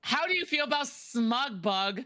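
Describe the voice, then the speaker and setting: A man's voice: extremely high pitch, animated, a little slow, a crowd in the background. A man co-hosting an online podcast, teasing and provoking the others in casual banter and swearing freely. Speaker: podcast co-host.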